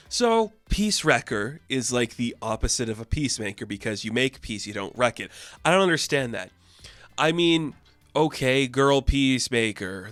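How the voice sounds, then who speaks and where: Young male comic reviewer, casual and rambling, mid pitch, dry booth sound. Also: a bit bright, no room sound. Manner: rambling, frequent "like", acts out characters. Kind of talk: casual chat.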